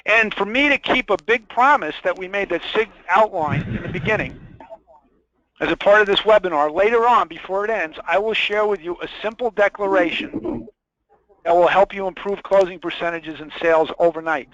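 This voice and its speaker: A man's voice: high-pitched, normal speed, a bit bright, no echo. A man presenting a sales training webinar, stressing and repeating his key points and asking the audience rhetorical questions. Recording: dull lo-fi dry webinar audio.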